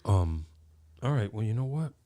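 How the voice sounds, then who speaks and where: Middle-aged man telling animated stories. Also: lowish voice, moderate pace. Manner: animated storyteller, acts out his own reactions. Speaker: podcast host. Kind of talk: casual chat.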